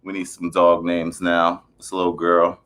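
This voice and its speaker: A man's voice: low voice, monotone, normal speed, a bit bright. A young man joining a friend's livestream as co-host, playful and casual, with loose swearing.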